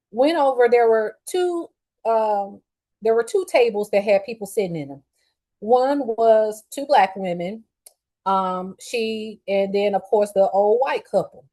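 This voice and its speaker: A middle-aged woman hosting a show, telling a story in a casual, blunt and profane way with lively swings in her voice. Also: mid-range voice, poor audio. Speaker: podcast host.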